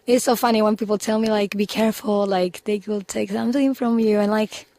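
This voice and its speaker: A woman's voice: medium pitch, fairly even intonation, fairly quick, warm tone, no room sound. A young woman from Chile with a Chilean Spanish accent, a musician chatting casually in an interview and leaning on "like" as a filler. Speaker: musician guest.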